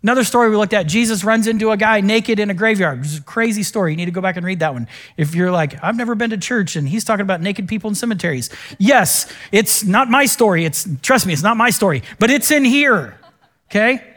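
High-voiced, conversational male pastor. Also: fast. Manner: conversational, self-deprecating, animated storytelling. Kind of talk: sermon.

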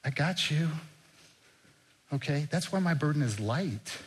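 A man voicing a gentle, reassuring figure who soothes a worried woman in a soft, calm way. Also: a little high, unhurried, slightly rough, voice pushed up. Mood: soothing.

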